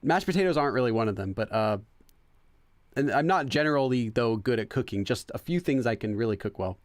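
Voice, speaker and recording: Male let's-play host, loose rambling chat full of fillers and self-corrections, mid-pitched, dry close sound. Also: animated, fairly quick, no room sound. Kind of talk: casual gameplay chat, translating game text.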